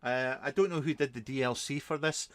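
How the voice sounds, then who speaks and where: A man's voice: medium pitch, fairly quick, a bit bright, no echo. A man, a reviewer hosting a casual live stream, answering viewers in a rambling, chatty way with many ums and restarts.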